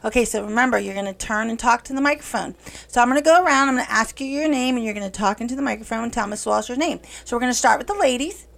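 A woman's voice: on the high side, racing, gravelly, a bit bright, a little hiss or hum. A middle-aged woman hosting a casual podcast for an early childhood center, chatty and cheerful as she talks with young children.

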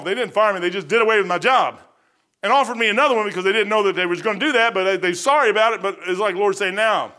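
High, bright-voiced preaching man. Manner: storytelling preacher, swings from hushed asides to excited outbursts. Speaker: pastor. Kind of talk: sermon.

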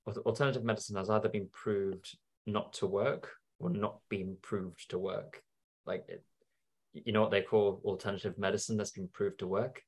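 A woman playing a tabletop game, making dry, drawn-out deadpan remarks. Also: rumbling low, husky. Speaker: player. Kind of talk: casual tabletop play.

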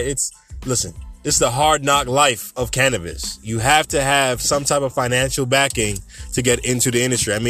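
A man's voice: medium pitch, fairly bright tone. Young guy doing a solo podcast, chatty and loose, medium voice, bit of music under it. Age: young adult. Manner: casual, conversational, rambling with asides. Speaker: podcast host.

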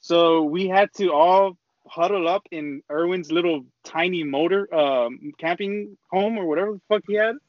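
A man's voice: sits high, normal speed, hardly any pauses, no room sound. A young man telling a rambling, slang-heavy story in casual chat, with lots of swearing. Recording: dull lo-fi dry recording.

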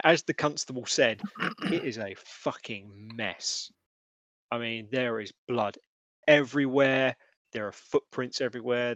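A man narrating as game master, halting with many fillers. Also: medium pitch, fairly bright tone, no room sound. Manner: hesitant, filler-heavy narration.

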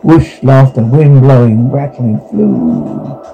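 A man's voice: mid-range voice, slow, dark tone, muffled recording, a little hiss or hum. A man reading sound captions and names aloud in short, terse phrases.

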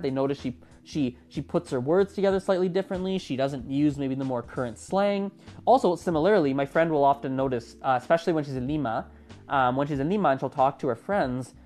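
Podcast host, twenties, casual solo talk, animated, mid-range pitch. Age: 20s. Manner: chatty and animated, with a lively rising delivery.

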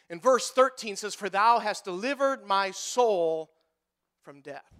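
A man preaching as a pastor, swinging between hushed lines and loud, pleading outbursts, with emphatic repeated phrasing. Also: sits high, animated, measured pace, clear, resonant tone. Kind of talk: preaching a sermon.

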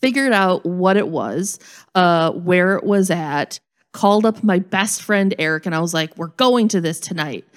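A woman co-hosting a podcast, telling a lively, self-mocking story in a casual chat. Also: lowish voice, unhurried.

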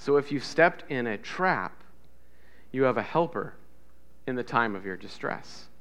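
A man preaching a sermon as pastor, swinging between loud emphatic repetition and soft hushed lines, and leading the congregation in call-and-response. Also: mid-range voice, expressive, a little slow. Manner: builds to loud emphatic repetition, drops to soft near-whispers.

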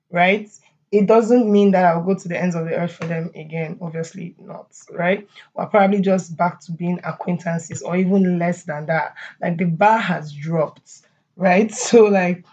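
A woman's voice: on the low side, a little mellow, highs cut off. A woman hosting her own podcast, chatting casually with her listeners. She laughs often and uses a lot of fillers and asides. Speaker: podcast host. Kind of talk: casual solo podcast chat.

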